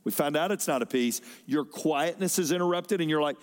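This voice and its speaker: A man preaching a sermon as a pastor, with dynamic delivery that swings between loud emphasis and soft drops. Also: a little high, a little fast, few pauses. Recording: long hall reverb.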